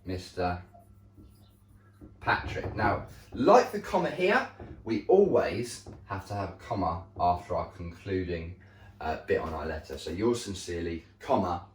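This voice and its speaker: A male primary school teacher giving a slow, deliberate recorded lesson to young children, often checking in with "okay?". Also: medium pitch, slight background noise. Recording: echoey room, voice a bit far from mic.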